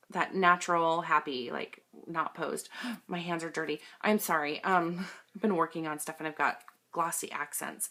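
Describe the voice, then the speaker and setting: Chatty woman with a lowish voice. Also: a bit bright. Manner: chatty, filler-heavy, self-deprecating. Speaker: scrapbooking vlogger. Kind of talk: casual show-and-tell. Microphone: camera mic.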